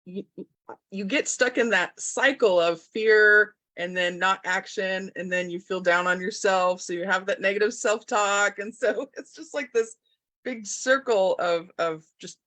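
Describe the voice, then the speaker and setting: Slow, hesitant interviewer. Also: mid-range voice, pushed and bright, no echo. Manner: hesitant, halting, searching for words. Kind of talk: podcast interview.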